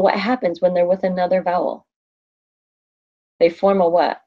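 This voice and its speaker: A woman teaching a lesson in a husky, low voice, with a gravelly edge. She chats along, asks her class questions and then answers them herself. The sound is dull and lo-fi, like a computer mic capturing a screen lesson. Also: flat delivery, normal speed, pauses often. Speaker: Spanish teacher.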